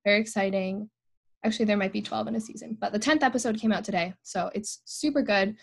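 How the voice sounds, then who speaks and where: A woman's voice: medium pitch, quick pace, gravelly, slightly rough. Chatty young woman podcast co-host. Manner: chatty, upbeat, uses "like" a lot. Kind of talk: casual chat.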